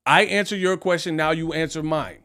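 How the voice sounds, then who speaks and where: A man's voice: on the high side, a little fast, pushed and bright, smooth. A man hosting a live stream, ranting animatedly in casual talk and laughing often. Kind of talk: casual reaction rant.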